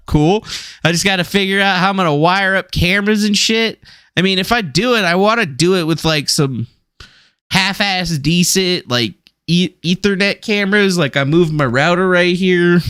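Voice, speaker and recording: A man's voice: fairly high pitch, a bit bright, clear, resonant tone, no room sound. A man chatting casually on a livestream, swearing freely and rambling through stories. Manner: profane, rambling, storytelling. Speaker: streamer.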